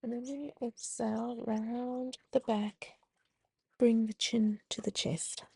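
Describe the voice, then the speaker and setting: Calm Australian woman guiding breathwork. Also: a little high, vocal fry, husky, no room sound. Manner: calm, slow, gently instructive. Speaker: mindfulness teacher. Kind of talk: guided movement and breathing instruction.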